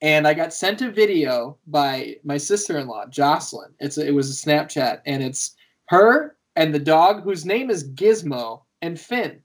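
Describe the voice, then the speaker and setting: Podcast host, casual, animated storyteller who laughs a lot; voice jumps up and down in pitch. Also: unhurried. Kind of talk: casual chat.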